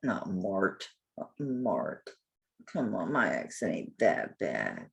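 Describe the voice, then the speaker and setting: Husky older woman with a drawl. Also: very deep voice, huge pitch swings, unhurried. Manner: rambling, talks to herself, mild cursing. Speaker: jewelry seller. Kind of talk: live sale, chatty self-talk while looking up items.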